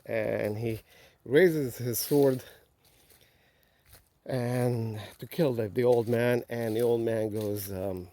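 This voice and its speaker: Guy telling a story while walking outdoors, relaxed, lots of "you know", warm dark voice. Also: medium pitch, a little slow. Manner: relaxed, many filler phrases. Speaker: vlogger. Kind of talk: storytelling on a walk. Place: outdoors on a nature walk.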